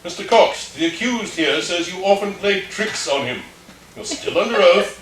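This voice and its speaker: An actor at a table read, playing a stern judge who questions witnesses formally. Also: male voice, high-pitched, lively intonation, moderate pace, fairly bright tone. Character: stern male judge passing sentence. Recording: echoey room, mic far off, faint noise.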